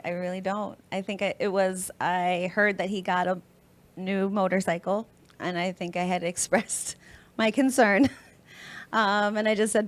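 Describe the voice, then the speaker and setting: A woman being interviewed as a guest, answering hesitantly with fillers and small laughs. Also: mid-range voice.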